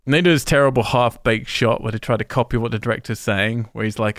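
A man's voice: medium pitch, fairly even intonation, fast, dry recording, clean studio sound. A man co-hosting a podcast, recapping a bad movie in casual chat with a sarcastic, laughing delivery. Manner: sarcastic, laughs mid-sentence. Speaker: podcast co-host.

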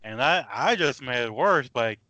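A man's voice: mid-range voice, lively intonation, normal speed, pushed and bright, dull audio. A man co-hosting a casual podcast, teasing his friend and laughing often. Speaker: podcast co-host. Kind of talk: casual chat.

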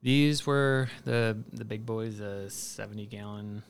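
A man as an interview guest, explaining how he makes his product in a relaxed way. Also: lowish voice, a little slow, vocal fry, a little hiss or hum. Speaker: guest, cidery owner. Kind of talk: casual interview.

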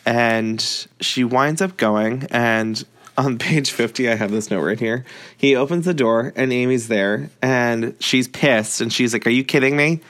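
A man's voice: medium pitch, a little slow, a bit bright. A man talking casually about a book he is reading, rambling with lots of fillers and short laughs. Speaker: book reviewer.

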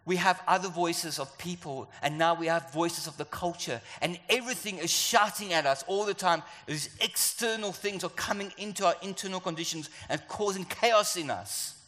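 An animated, playful South African preacher acting out voices in his sermon. His voice is bright and fairly high. It carries a long hall reverb. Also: moderate pace, hardly any pauses. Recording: echoey hall.

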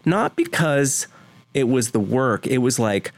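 Unhurried and sing-song, a medium-pitched male guest from Vermont talks through a conversational podcast interview about his work as a home video producer. He comes across earnest and emotional, frequently restarting as he rambles.

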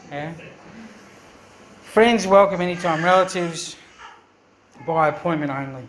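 A man's voice: on the high side, measured pace, pauses often, reverberant. A man preaching a sermon as pastor, earnest and emphatic, often asking the congregation questions. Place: church.

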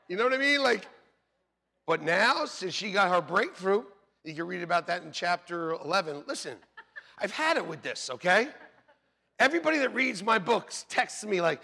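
Male pastor, high and lively, gravelly, husky edge; loud joking sermon delivery, church hall reverb. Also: normal speed. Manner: loud, animated, jokey storytelling, calls for amens. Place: church sanctuary.

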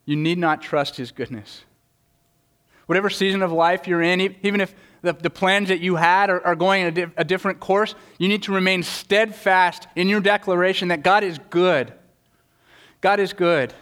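A man's voice: high voice, fairly even intonation, moderate pace, fairly bright tone, smooth. A man preaching a sermon, earnest, often repeating words as he starts a thought. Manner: earnest, stammering repetitions, voices quoted speakers. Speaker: pastor.

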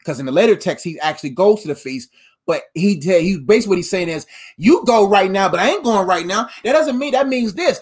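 A woman preaching a sermon in an animated, emphatic way, using slang and calling her listeners "fam.". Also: mid-range voice, fairly quick, slightly rough.

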